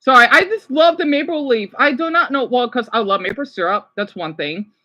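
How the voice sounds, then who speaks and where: An excitable woman from the United States hosting a casual livestream, gushing as she reacts and often apologizing. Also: high-pitched, fairly quick, poor audio. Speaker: livestream host.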